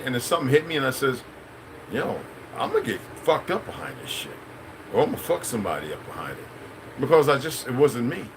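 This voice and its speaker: Middle-aged male vlogger with a sharp, bright voice. Rambling, cursing monologue over faint background hum. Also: on the high side, rough recording. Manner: rambling, profane, preachy. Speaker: channel host. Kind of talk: unscripted monologue.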